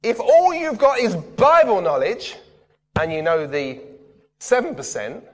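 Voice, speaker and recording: A man preaches in a high, lively voice that swoops up and down. He talks casually and keeps asking his listeners questions. The long reverb of a big hall trails behind him. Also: measured pace. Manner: conversational, asks the crowd questions. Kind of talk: sermon.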